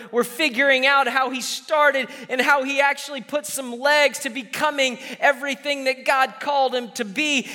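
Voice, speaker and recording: Male pastor, thirties, high bright voice, animated sermon delivery, long hall reverb. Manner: exhorting, call-and-response, acts out quoted voices.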